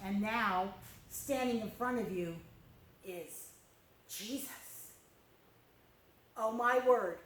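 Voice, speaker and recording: A woman's voice: mid-range voice, very slow, pauses often, echoey room, slight background noise, rough recording. A woman teaching a children's church lesson, telling a Bible story expressively and speaking directly to the kids while she draws. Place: church room.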